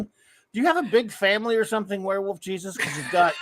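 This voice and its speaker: A man's voice: high voice, lively intonation, brisk, fairly bright tone, slight background noise. A man co-hosting a live fan show, chatting casually and reminiscing at length while greeting viewers in the chat.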